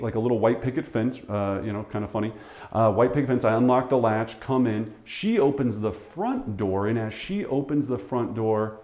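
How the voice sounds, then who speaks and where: A middle-aged man, a real estate coach, telling a story to camera and acting out the people in it. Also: medium pitch. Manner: animated, acts out the voices in his story. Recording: echoey room.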